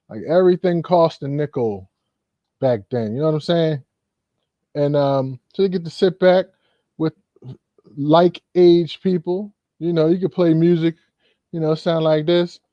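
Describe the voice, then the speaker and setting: A man hosts a casual commentary, rambling along with lots of fillers, especially "you know." His voice is on the high side, a little slow, with frequent pauses, and the recording is dry, dull, and lo-fi.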